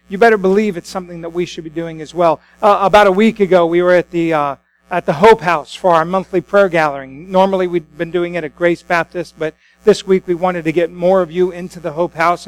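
A man's voice: sits high, rough recording. A man, a pastor, preaching a sermon in a conversational storytelling way with frequent restarts.

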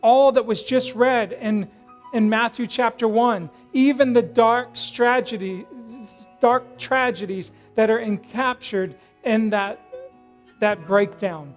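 A man preaching a sermon, telling a story with lively acted-out quotes and dropping to a soft, prayerful tone. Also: extremely high pitch, takes it slowly, soft background music. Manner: animated storyteller, acts out quoted voices loudly, drops to soft prayerful tone. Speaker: pastor.

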